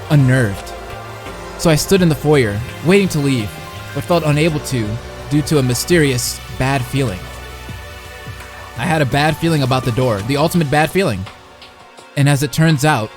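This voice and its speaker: Young man reading a visual novel live. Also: mid-range voice. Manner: playful, chats with his live chat between read passages. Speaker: streamer and commentator.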